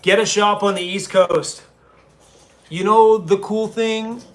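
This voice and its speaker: This easygoing man is a van-life YouTuber live-streaming from a small chair in a hotel room, chatting loosely with viewers, reading their comments, calling them bro and man, and laughing a lot. His voice is fairly high, with fairly even intonation and a slow pace.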